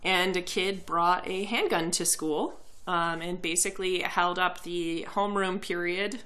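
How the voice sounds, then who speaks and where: A woman's voice: lowish voice, steady tone, measured pace, sharp tone. Tipsy young woman, earnest podcast chat. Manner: earnest, many fillers and restarts. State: tipsy from drinking. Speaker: podcast co-host.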